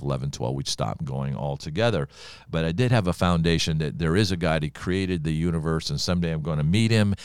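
A man's voice: sits low, clear, resonant tone, dry recording, clean studio sound. An older man, a pastor, teaching the Bible on a podcast in a folksy, conversational way, full of personal stories. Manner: folksy, storytelling preacher with personal anecdotes.

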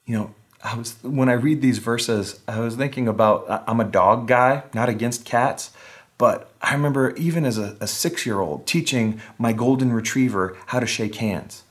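A man's voice: mid-range voice, normal speed. A man preaching a casual, conversational sermon online, with wry humor, acting out the voices he quotes. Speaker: pastor.

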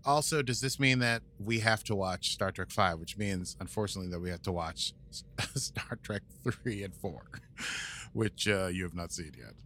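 A man's voice: deep voice, normal speed, a bit bright, slight background noise. A man co-hosting a podcast, chatting casually in a rambling, jokey way with lots of fillers. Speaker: podcast co-host. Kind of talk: casual chat.

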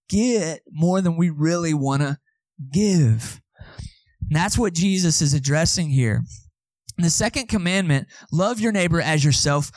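Male pastor, chatty sermon delivery with asides to the congregation, pitched a bit high. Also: dry recording, studio quality.

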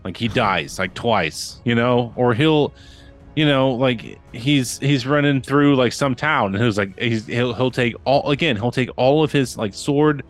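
A man's voice: medium pitch, measured pace, soft background music. A man and father on a podcast, chatting casually and rambling with lots of fillers and restarts. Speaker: podcast co-host. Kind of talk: casual chat.

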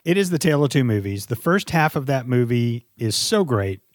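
Lively, joking middle-aged man, dry sound. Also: mid-range voice, moderate pace, dry recording. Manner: joking, playful, lively delivery. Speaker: podcast co-host, father. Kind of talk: casual chat.

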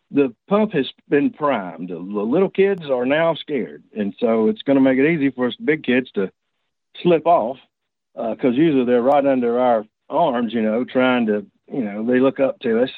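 Man, rambling storyteller, halting restarts, tinny phone sound, dry. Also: mid-range voice, no room sound. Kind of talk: casual spoken storytelling.

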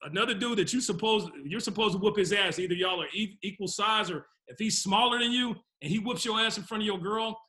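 High-pitched, bright-voiced man chatting. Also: brisk, hardly any pauses. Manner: animated, laughing, acts out quotes. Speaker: podcast co-host. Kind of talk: casual chat.

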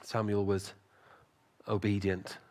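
Animated male preacher telling a story. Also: on the low side, takes it slowly. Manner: animated storytelling with acted quotes. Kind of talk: sermon.

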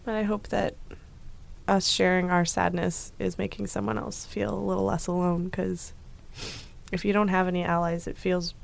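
A woman's voice: lowish voice, flat delivery, normal speed, creaky. A woman co-hosting a podcast in casual chat, earnest and reassuring, at times exasperated. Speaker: podcast co-host.

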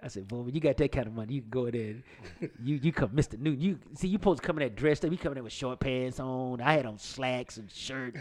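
A man's voice: medium pitch, fast talker. A man co-hosting a casual sports talk show, telling stories and acting out the voices of people in them, laughing as he goes. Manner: animated storyteller, acts out quoted voices, laughs often.

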